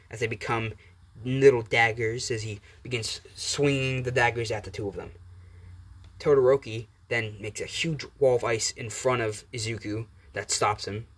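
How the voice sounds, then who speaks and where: A man makes up a fan-fiction story as he goes, telling it in a loose, rambling way. His voice is an ordinary mid pitch, and it sounds like a casual storytelling channel. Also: fairly bright tone. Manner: rambling, with fillers and restarts. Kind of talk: improvised fan-fiction narration.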